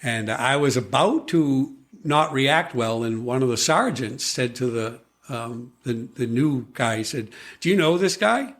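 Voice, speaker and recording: Man telling a story with animated quotes. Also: mid-range voice, unhurried, hardly any pauses. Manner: animated storyteller, acts out quoted voices, frequent restarts. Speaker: podcast guest. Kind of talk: storytelling in conversation.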